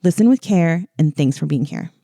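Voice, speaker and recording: A woman's voice: low voice, expressive, normal speed, music in the background. A woman co-hosting a podcast, chatting casually with wry, teasing banter. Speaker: podcast co-host. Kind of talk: casual chat.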